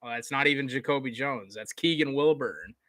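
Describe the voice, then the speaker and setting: A young man giving casual live play-by-play commentary from home, excitable and chatty. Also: mid-range voice, fairly quick, no room sound. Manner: excitable, chatty, laughs and hums between plays.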